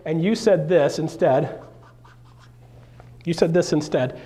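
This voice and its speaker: A man giving a live stage talk to an audience, jokey and animated, acting out quotes as he tells stories. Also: on the high side, moderate pace, pauses often. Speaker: seminar speaker.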